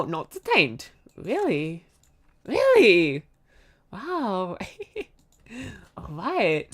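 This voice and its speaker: A young woman streaming a game, chatting with her viewers and giggling often. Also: a little high. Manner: giggly, talks to chat. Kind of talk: live gameplay commentary. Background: soft background music.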